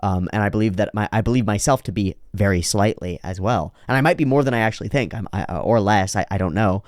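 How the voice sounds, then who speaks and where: A man's voice: on the low side, no echo, clean studio sound. A man hosting an anime reaction, thinking aloud in rambling reflective commentary with frequent restarts. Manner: drops into slow exaggerated voices for quoted lines.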